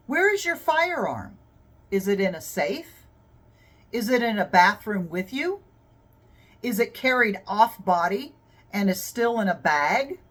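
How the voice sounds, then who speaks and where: A woman hosting a self-defense show, telling a story in an earnest, measured way and laughing at her own slips. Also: on the high side, fairly bright tone. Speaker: host of a self-defense channel. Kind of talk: scripted storytelling narration.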